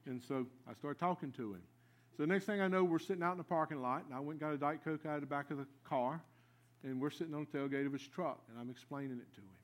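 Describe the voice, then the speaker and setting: A man, preaching a sermon in a folksy storytelling way, swinging between loud lively asides and quiet earnest stretches. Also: fairly high pitch, quick pace.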